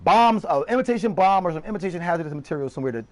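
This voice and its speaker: A man streaming live, ranting heatedly and profanely in quick bursts. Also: sits high, expressive, no echo.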